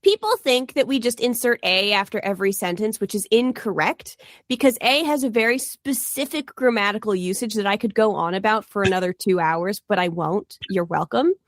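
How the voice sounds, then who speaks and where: A woman's voice: medium pitch, fairly quick, dry recording, clean studio sound. A Canadian woman from the Toronto area, co-hosting a podcast in casual chat, talkative and laughing often as she wanders off on tangents. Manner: chatty, laughs often, digressive. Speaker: podcast co-host.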